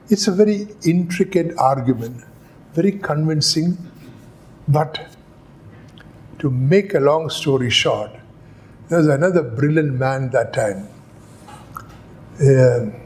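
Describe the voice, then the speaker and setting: Slow, storytelling older Indian lecturer. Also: male voice, fairly high pitch, darkish tone. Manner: slow, storytelling, acts out dialogue with rhetorical questions. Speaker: epidemiology lecturer. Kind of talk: classroom lecture.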